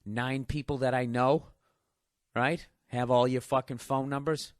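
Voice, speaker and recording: A man's voice: medium pitch, steady tone, moderate pace, no room sound, clean studio sound. A man in his forties doing stand-up comedy, telling a story in a profane, ranting way. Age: 40s. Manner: profane, ranting, mimics others in bits.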